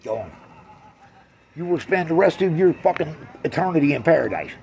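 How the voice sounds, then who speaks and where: A man doing a crude, brash stand-up routine on a club stage, swinging from loud jabs to low mutters. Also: big pitch swings, a little fast, gravelly, slight background noise. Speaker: stand-up comedian.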